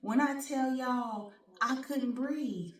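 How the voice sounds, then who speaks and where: A woman hosting her own show, telling a personal story in an animated, colloquial way and speaking straight to her audience. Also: high-pitched, takes it slowly. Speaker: show host. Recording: roomy sound, distant from mic.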